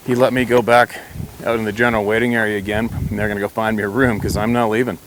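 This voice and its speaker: A man's voice: on the low side, flat delivery, fast, a bit bright, a little hiss or hum. A man telling a personal story to camera in a rambling, blunt way, with mild swearing and frequent restarts.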